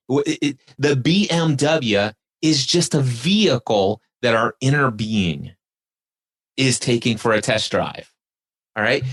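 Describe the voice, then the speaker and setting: A man on a podcast, talking reflectively about spiritual awareness and leading the listener through spoken exercises. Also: medium pitch. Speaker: podcast guest. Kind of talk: casual spiritual conversation.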